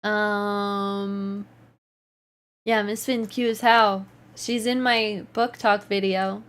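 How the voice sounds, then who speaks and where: A woman's voice: mid-range voice, little pitch movement, extremely slow, a bit bright. A woman livestreamer chatting casually, reading out and answering her chat while often laughing. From Canada.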